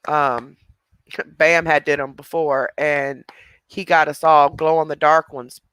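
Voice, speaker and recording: Bright-voiced man chatting on a livestream. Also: fairly high pitch, fairly even intonation, takes it slowly, clear, resonant tone, no room sound. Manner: chatty, laughing, responding to chat. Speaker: livestream host. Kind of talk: casual livestream chat.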